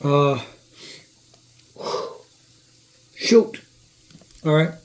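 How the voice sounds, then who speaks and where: In his home kitchen, a man with a voice on the high side hosts a cooking show, animated but speaking very slowly. He keeps the chat loose, joking and swearing with viewers while onions bring tears to his eyes. The sound is echoey and distant.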